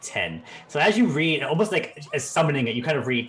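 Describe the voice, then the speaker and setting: Animated man narrating a tabletop game. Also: a little high, fairly quick. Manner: animated, rambling with fillers. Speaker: game master.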